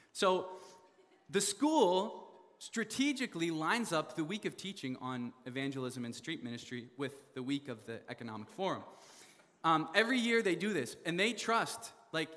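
Young canadian guy preaching, bright voice, laughs a lot, big hall echo. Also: a little high. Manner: animated, laughing, many fillers. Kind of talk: sermon storytelling.

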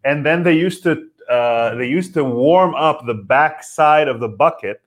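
A man's voice: a little high, a little slow. A man co-hosting a casual chat, rambling along with lots of fillers. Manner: rambling, chatty, full of fillers. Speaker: podcast co-host.

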